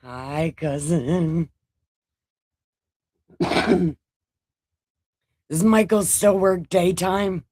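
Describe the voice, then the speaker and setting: A woman's voice: lowish voice, drawn-out words, pauses often, warm tone, no echo. A middle-aged woman hosting a casual livestream chat, mouthy and swearing freely. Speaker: livestream host.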